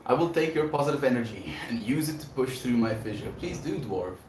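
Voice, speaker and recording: A man's voice: medium pitch, expressive, brisk, darkish tone, a little hiss or hum. A man hosting a livestream, chatting casually and affectionately with viewers in a laid-back way. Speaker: livestream host. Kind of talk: casual chat reading viewer messages. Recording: echoey room.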